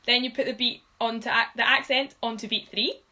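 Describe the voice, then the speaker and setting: A woman's voice: a little high, steady tone, brisk, bright, forceful tone, poor audio. A woman giving a live-streamed drumming lesson, patiently counting beats aloud with frequent ums. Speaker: drum tutor.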